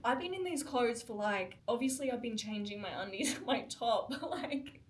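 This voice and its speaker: A woman's voice: on the high side, expressive, moderate pace, few pauses. A young woman vlogging from a hotel room, talking to her camera in an emotional, exasperated rant. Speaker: travel vlogger. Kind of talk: casual vlog talk to camera.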